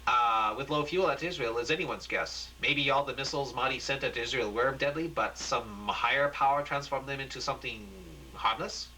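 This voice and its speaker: A man voicing a frantic male TV field reporter, breathless and rising to near-shouting. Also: medium pitch, normal speed, few pauses, slight background noise, close to an everyday voice, rough recording. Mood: reporting.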